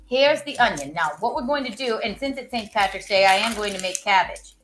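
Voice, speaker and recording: A woman hosts a casual cooking live stream, chatting with viewers as she cooks, joking, rambling, and repeating goofy catchphrases. Her mid-range voice is a bit bright, brisk, and full of lively intonation.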